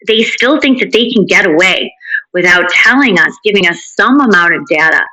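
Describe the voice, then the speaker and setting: A woman's voice: mid-range voice, expressive, normal speed, sharp tone, rough recording. A woman speaking as a guest commentator, laying out her case in firm, detailed commentary. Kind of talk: political commentary.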